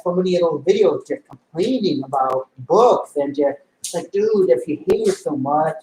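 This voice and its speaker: A man's voice: sits high, darkish tone. Man, casual rambling rant, profane, roomy echo, faint background noise. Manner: rambling, profane, filler-heavy ranting. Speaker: comic collector vlogger. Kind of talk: casual rant while bagging comics.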